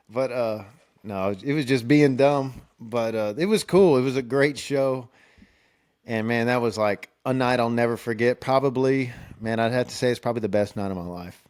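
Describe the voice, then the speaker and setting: A man's voice: normal speed, clear, resonant tone. Laid-back man telling road stories. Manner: laid-back, excitable, acts out quotes with raised pitch. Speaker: country singer and podcast host. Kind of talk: casual storytelling.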